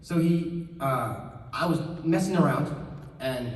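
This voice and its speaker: A man, telling lively anecdotes as a convention panel guest, laughing often and acting out what people said. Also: fairly high pitch, slow. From New Zealand. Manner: animated, laughs often, acts out quotes. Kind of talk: storytelling anecdotes to an audience. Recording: roomy hall, distant mic, faint noise.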